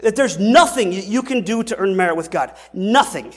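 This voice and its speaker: A man's voice: high voice, lively intonation, normal speed. A male pastor preaching a sermon in a conversational way, asking rhetorical questions and often restarting his sentences.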